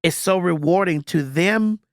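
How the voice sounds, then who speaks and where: A woman's voice: measured pace, dry recording, clean studio sound. A woman hosting a podcast in casual chat, blunt and emphatic, swearing freely. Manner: low and earnest when comforting. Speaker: podcast host.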